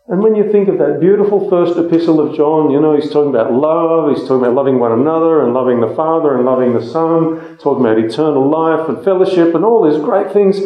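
A man's voice: a little high, brisk, few pauses. A man preaching a Bible teaching sermon in a conversational way, with frequent ums and restarts. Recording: echoey room, dull lo-fi sound.

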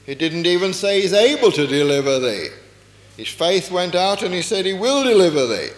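A man's voice: high voice, big pitch swings, moderate pace. A man preaching a sermon, explaining a Bible passage earnestly and often asking rhetorical questions. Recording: echoey hall with long reverb.

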